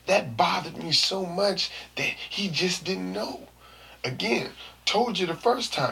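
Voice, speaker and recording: A young man telling a story to camera in a casual, slangy way, dropping to hushed asides and rising to shouts. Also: high-pitched, expressive, slow pace, vocal fry, breathy edge. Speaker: vlogger.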